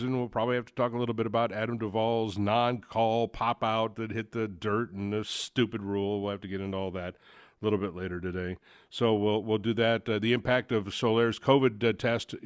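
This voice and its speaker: A man's voice: fairly low pitch, no echo, studio quality. A man hosting a sports talk show, talking casually and rambling with many fillers and restarts. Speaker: sports radio host.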